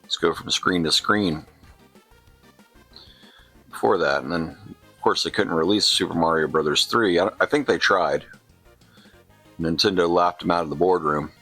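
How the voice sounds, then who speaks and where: Low gravelly man rambling about games. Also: normal speed, long pauses, pushed and bright, faint music behind. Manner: rambling with sarcastic asides. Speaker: retro gaming channel host. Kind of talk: casual gameplay commentary.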